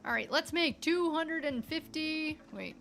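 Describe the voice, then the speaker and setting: A woman's voice: high-pitched, measured pace, gravelly, fairly bright tone, soft background music. A woman with a light Canadian accent, live streaming a game and chatting aloud to herself and her chat.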